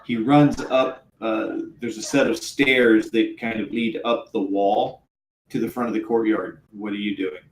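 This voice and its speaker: A man's voice: lowish voice, fairly even intonation, measured pace. A man narrating a tabletop game as game master, hesitant and full of ums and uhs. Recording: roomy echo, faint background hum.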